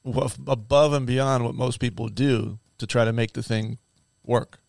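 A man hosting a podcast, chatting casually and cutting in with quick interjections. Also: mid-range voice, steady tone, creaky, darkish tone. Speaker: podcast host.

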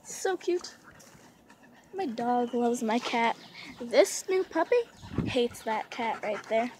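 A woman with a high voice rambles hesitantly in a casual vlog, recorded outdoors from a lounge chair. She talks slowly and pleadingly. Faint background noise is heard behind her. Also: animated, darkish tone. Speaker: vlogger.

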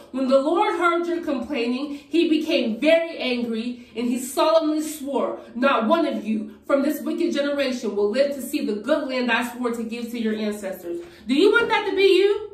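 A woman preaching fervently in a conversational way, encouraging her viewers in a get-ready-with-me video. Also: high-pitched. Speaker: Christian vlogger. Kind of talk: preaching while getting ready. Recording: echoey room from a distance.

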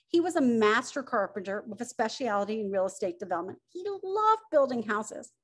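A middle-aged woman, the author, reading her picture book aloud with expressive storytelling. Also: on the high side, a little fast. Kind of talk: children's story read-aloud.

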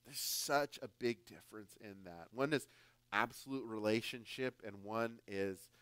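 A man from the United States, a guest pastor preaching a conversational, emphatic sermon that swings between louder and softer. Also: lowish voice, a little slow, smooth, dry recording.

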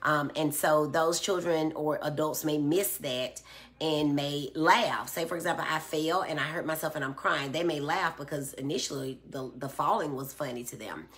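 A woman's voice: low-pitched, moderate pace, a bit bright. A middle-aged woman hosting a live stream, reading out viewer comments and explaining patiently with everyday examples. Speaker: host answering viewer comments. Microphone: phone or tablet.

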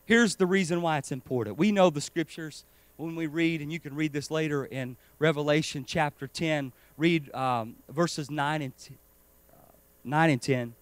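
A man preaching a sermon with urgent emphasis, swinging between loud stresses and quiet asides. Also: a little high, normal speed, no echo. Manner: urgent and emphatic, rising and falling in loudness.

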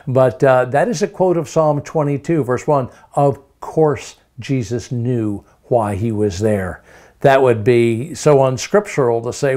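A man preaching a sermon with emphatic delivery, stacking up rhetorical questions and repeating words to drive his points home. His voice sits at an ordinary male pitch. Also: a little slow, dark tone.

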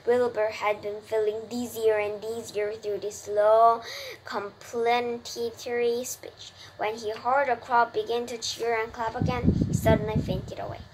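A woman's voice: a little high, flat delivery, measured pace. A woman whose first language is Korean reads an English novel aloud to a child, restarting on hard words. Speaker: parent reading to a child. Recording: noisy home recording.

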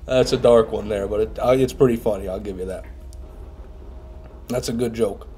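A man's voice: on the low side, fairly even intonation, moderate pace, warm tone, slight background noise. Chatty young male game streamer with a cold. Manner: chatty, reads chat aloud, swears casually. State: sick with a head cold. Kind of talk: casual live gameplay commentary.

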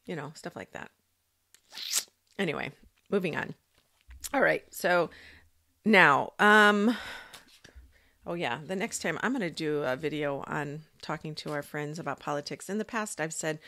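Brief: low-voiced woman, casual rambling vlog talk, dry close-mic sound. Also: unhurried, bright, forceful tone, no echo. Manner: rambling, thinking aloud with fillers and restarts. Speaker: psychic vlogger. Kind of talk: casual monologue.

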